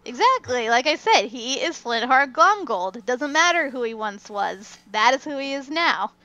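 A woman's voice: high voice, animated, normal speed, bright, forceful tone. A woman co-hosting a casual fan discussion podcast, chatty and giggly, saying "like" a lot. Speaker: podcast co-host. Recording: dull, dry lo-fi mic.

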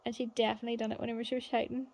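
A woman's voice: on the high side, flat delivery, rapid-fire, a little mellow. A young woman, chatting casually at home as a mother vlogging, dropping into sing-song baby talk. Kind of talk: casual vlog chat. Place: at home, indoors.

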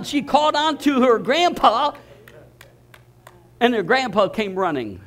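An older man delivering a sermon in a notably high voice. He preaches with emphasis, often restarting and repeating phrases as he drives his points home. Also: big pitch swings, a little slow, a bit bright. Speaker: pastor.

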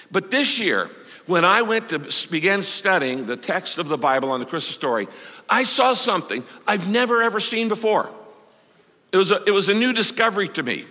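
An older man preaches to a large congregation, his voice bright and fairly high for a man. He talks conversationally but slows down to lean on key phrases. The sound rings with a long hall reverb. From United States. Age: 60s. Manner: conversational, with drawn-out emphatic phrases. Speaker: pastor. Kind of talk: sermon. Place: large church auditorium.

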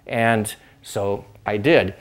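Older man reminiscing, rambling and unhurried. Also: fairly low pitch. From Pacific Northwest, United States. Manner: rambling, with frequent restarts and fillers; demonstrates chords while talking. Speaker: host and dulcimer player. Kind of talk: casual reminiscing monologue.

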